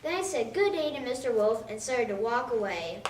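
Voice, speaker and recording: A woman giving an expressive, childlike storytelling monologue. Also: a little high, normal speed. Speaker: reader of a monologue. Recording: echoey room from a distance with faint noise.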